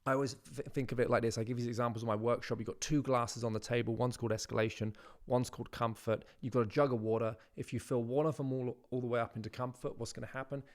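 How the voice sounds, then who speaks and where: A middle-aged man talks to camera as a dating coach, relaxed and conversational. He tags nearly every point with "right?" and drops into a slower, deliberate delivery when he demonstrates a line. His pitch sits in an ordinary middle range for a man. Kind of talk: instructional talk to camera.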